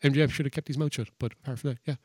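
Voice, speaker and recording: A man co-hosting a casual wrestling chat. He talks in an animated way, swears freely and acts out what others said. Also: mid-range voice, rapid-fire, breathy edge, no echo, clean studio sound. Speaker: podcast co-host.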